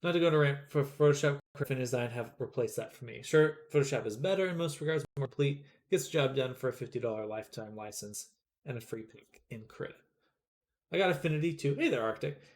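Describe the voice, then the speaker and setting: A man's voice: mid-range voice, fast. Chatty male streamer, rambling. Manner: rambling, chatty, lots of fillers; answers chat comments. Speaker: live streamer. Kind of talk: casual live-stream chat while drawing.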